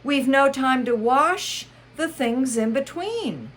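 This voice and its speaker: A woman voicing an eccentric, riddling male hatter in a storybook reading, pitched high and theatrical. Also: animated, slow pace, a bit bright, heavily acted. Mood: whimsical. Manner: high, sing-song, theatrical.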